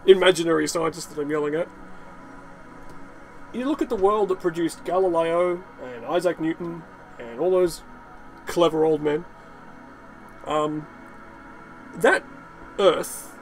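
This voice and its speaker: A man giving rambling, unedited gameplay commentary, swearing, laughing and ranting as he talks. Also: a little high. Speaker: gaming channel host.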